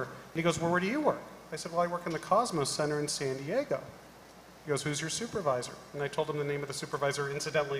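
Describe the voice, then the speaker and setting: Animated man telling a story in a hall. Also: fairly high pitch. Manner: animated storyteller acting out dialogue. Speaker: conference speaker. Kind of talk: storytelling talk. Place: conference hall. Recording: roomy hall with long reverb, faint noise.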